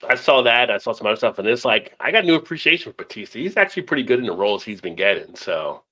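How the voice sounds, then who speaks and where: A man's voice: medium pitch, big pitch swings, fast, bright, forceful tone. A man hosting a casual live stream chat over beers, rambling and easygoing, laughing often.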